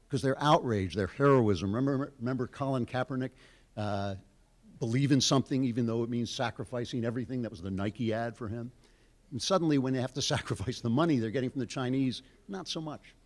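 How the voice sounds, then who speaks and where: A man's voice: medium pitch, darkish tone. Older American man, emphatic lecture. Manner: emphatic, punchy one-word headings, sarcastic asides. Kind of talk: speaking at a lecture.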